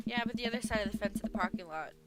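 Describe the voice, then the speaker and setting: A woman hosting a let's play, reading out all of the game's dialogue and narration in her own voice, jokey and quick to laugh. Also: mid-range voice, a loud crowd. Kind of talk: reading game dialogue aloud. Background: game music.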